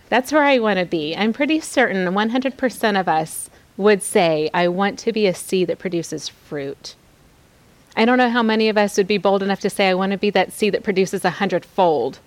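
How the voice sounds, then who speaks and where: A woman's voice: medium pitch, no room sound. Earnest woman exhorting with repeated phrases. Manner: candid, confiding asides. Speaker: podcast host teaching scripture. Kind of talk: devotional teaching.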